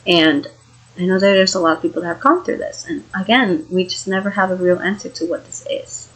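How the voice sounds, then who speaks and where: Animated and brisk, a young vlogger with a voice on the low side and a bit bright tells a frightening true story casually, rambling with fillers and the odd swear word. She sounds shaken and emotional on a rough recording.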